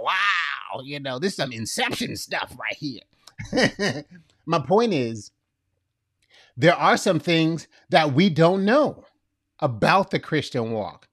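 A middle-aged man preaching a sermon in an animated way, often laughing at his own jokes. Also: fairly high pitch, slow pace, no room sound, studio quality. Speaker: pastor.

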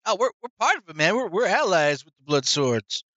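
Playful, lively-pitched tabletop player. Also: a little fast, dry recording, lo-fi sound. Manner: laughing, playful. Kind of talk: playing a tabletop game.

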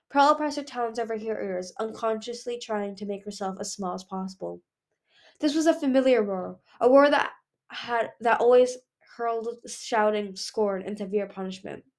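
A woman's voice: medium pitch, a little mellow. A woman narrating a fantasy novel as an amateur audiobook reader, stumbling and restarting words now and then. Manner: reads with frequent slips and restarts.

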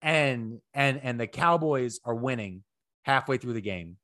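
Animated, bright-voiced man telling stories. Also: mid-range voice, a little slow. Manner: animated, profane storytelling, rising to near-shouts. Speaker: podcast co-host. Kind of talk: casual podcast chat.

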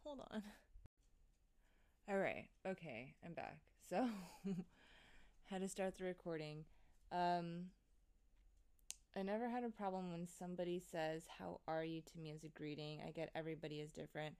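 A woman's voice: on the low side, steady tone, normal speed, a little mellow, clean tone. A woman in her thirties hosting a live show and chatting casually with viewers. She is loose and chatty, laughing and swearing often. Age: 30s. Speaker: livestream host.

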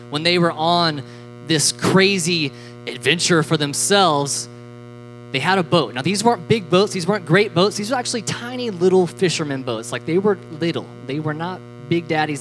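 Animated, joking youth preacher. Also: mid-range voice, poor audio. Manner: animated and joking, with frequent laughs and fillers. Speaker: youth pastor. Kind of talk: youth sermon.

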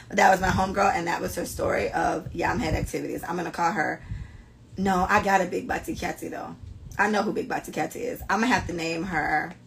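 A young woman hosting a podcast, chatting casually and reading listener stories in a brash, animated way. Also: lowish voice, gravelly, slight background noise. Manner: animated, brash storytelling with frequent cursing. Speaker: podcast host.

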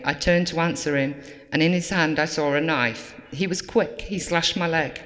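A woman giving a measured, plain-spoken personal testimony to an audience in a large hall. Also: low-pitched, fairly even intonation. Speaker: survivor giving a talk. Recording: long hall reverb.

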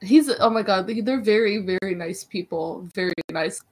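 A young adult woman, a guest on a podcast, chatting in a bubbly, excitable way full of "like"s. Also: medium pitch, moderate pace. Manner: bubbly, excitable storytelling, many "like"s. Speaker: wrestling interviewer, podcast guest. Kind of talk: casual podcast chat.

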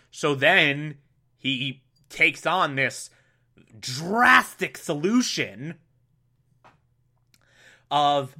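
Bright-voiced man enthusing in a review. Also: on the high side, expressive, very slow, long pauses. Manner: enthusiastic, rambling, self-interrupting. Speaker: show reviewer. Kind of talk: casual episode review.

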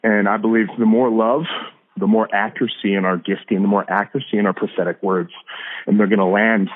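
A man, likely in his thirties, telling a faith story as a guest in a casual interview, animated and quick to laugh. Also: on the low side. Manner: animated, laughs often, repeats words. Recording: phone-like narrow band audio.

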